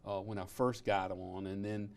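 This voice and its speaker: A man's voice: on the low side, level tone, moderate pace. A man with an Alabama Southern accent, speaking as an interview guest in an easygoing, plain-spoken way. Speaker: guest, public service commissioner. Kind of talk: casual interview chat.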